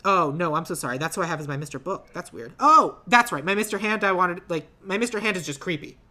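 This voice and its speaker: A woman's voice: on the low side, lively intonation, fast talker, sharp tone. A woman co-hosting a casual podcast, rambling and playful, with lots of "like" fillers. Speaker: podcast co-host.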